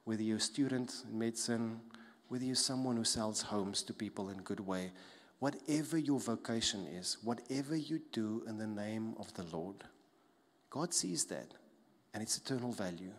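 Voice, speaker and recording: Pastor in an echoing hall. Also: male voice, on the low side, normal speed. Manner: emphatic, repeats key phrases, drops soft for stress. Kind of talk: sermon. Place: church hall. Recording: long hall reverb.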